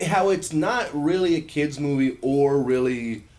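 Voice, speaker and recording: A young man hosting a casual chat, joking and swearing freely as his voice jumps around. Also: unhurried. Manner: animated, jokey, swears freely, pitch jumps when joking.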